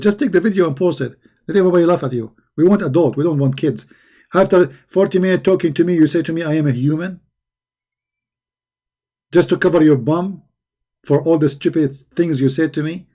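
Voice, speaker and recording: Combative, mocking man with a mellow voice. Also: on the high side, a little fast. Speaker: religious debate host. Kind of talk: live online debate commentary.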